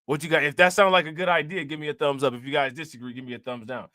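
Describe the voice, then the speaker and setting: A man hosting casual reaction commentary on crime news, animated and slangy, laughing often and giving shout-outs to viewers. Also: on the high side, rapid-fire, no echo, studio quality.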